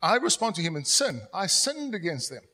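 A middle-aged man preaching a sermon as pastor, telling stories and dropping to a soft, confessional tone when he quotes himself. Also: high-pitched, sing-song, a little fast. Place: church hall. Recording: long church hall reverb.

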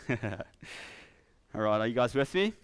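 A man with a South African accent preaching a sermon in church, earnest and conversational, slowing down to read scripture with emphasis. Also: mid-range voice, sing-song, smooth, dry recording. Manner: earnest, with laughing asides and slow emphatic scripture reading.

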